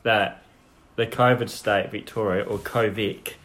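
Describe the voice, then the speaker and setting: A man with an Australian accent co-hosting a casual chat, enthusiastic and quick to laugh. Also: fairly low pitch. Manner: enthusiastic, excitable, laughs along. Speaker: podcast co-host.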